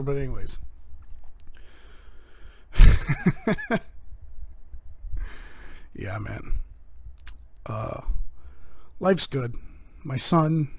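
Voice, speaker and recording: A young man hosting his own podcast, rambling through a profane, deadpan comedic monologue. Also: mid-range voice, drawn-out words, pauses often, no room sound. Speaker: podcast host.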